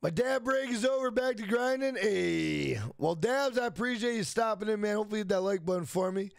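A man's voice: sits high, brisk, vocal fry, dry recording. A young man streaming a game, chatting loosely with profanity, repeating himself and reading chat questions aloud. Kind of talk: casual live stream chat.

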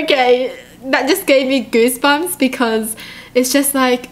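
A young woman reacting to a horror game with excitable commentary, nervous laughter and gasps. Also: sits high, measured pace. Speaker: channel host.

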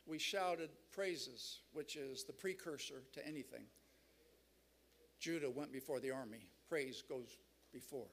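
A man's voice: medium pitch, unhurried, gravelly, fairly bright tone. A man preaching a sermon at a church seminar, emphatic and rousing the crowd. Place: large church hall.

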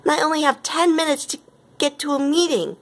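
A woman voicing a kind, cheerful young woman in a high, earnest voice while reading a storybook aloud. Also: steady tone, fairly quick. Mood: eager.

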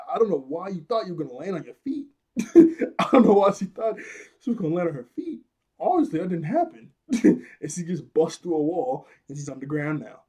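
A man's voice: a little high, warm tone, slightly rough. Laughing, rambling young-sounding man. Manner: rambling, laughs often, acts out characters' lines. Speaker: anime reviewer. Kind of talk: casual episode recap.

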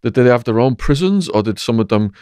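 A man's voice: mid-range voice, expressive, brisk, warm tone, smooth, dry recording, studio quality. Man asking an interview question. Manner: short direct questions. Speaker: podcast host.

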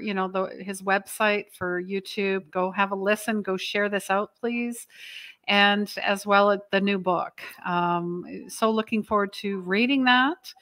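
A woman's voice: mid-range voice, a bit bright. Upbeat Canadian woman host. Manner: upbeat, encouraging, spiritual. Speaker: podcast host and spiritual coach. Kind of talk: casual interview and closing talk.

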